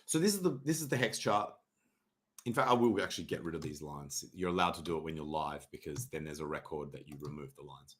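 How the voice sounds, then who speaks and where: A young adult man hosting a casual livestream, sarcastic and mock-dramatic, swearing freely and often clearing his throat. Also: rumbling low, lively intonation, quick pace, a bit bright. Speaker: livestream host reviewing crypto charts. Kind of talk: casual livestream chart talk.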